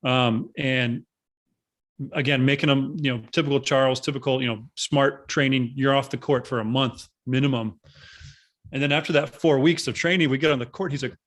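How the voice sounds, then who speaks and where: Enthusiastic rambling podcast host. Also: male voice, mid-range voice, fairly even intonation, normal speed, a bit bright. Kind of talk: podcast interview.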